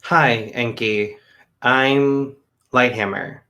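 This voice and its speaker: An earnest, emotional young superhero in a tabletop game, voiced by a man. His pitch sits in the middle range. His delivery is sincere and pleading. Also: steady tone, drawn-out words, pushed and bright, heavily acted.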